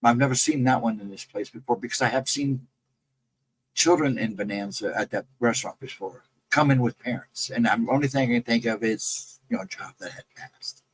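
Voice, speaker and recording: A man's voice: medium pitch, brisk, breathy edge, poor audio. A man casually recounting his own ghost encounters in a rambling, self-correcting way. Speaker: guest storyteller.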